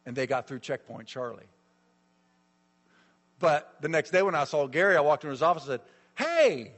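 A man's voice: on the high side, a little fast, fairly bright tone. A middle-aged man preaching a sermon as a pastor, telling stories emphatically with lots of repetition, in a reverberant hall.

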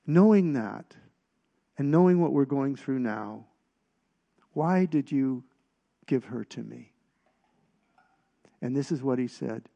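Brief: middle-aged male preacher, gravelly testimony voice, loose and storytelling. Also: medium pitch, lively intonation, mellow, lo-fi sound. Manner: storytelling, halting restarts, rises in volume at punchlines. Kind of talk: personal testimony sermon.

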